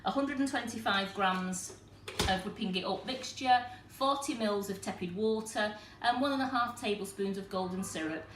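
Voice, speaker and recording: A woman's voice: mid-range voice, normal speed, a bit bright. Chatty woman teaching a cooking demo. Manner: chatty, explains step by step to viewers. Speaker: cooking demonstrator and host. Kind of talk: live cooking demonstration. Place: kitchen. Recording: echoey kitchen with faint noise.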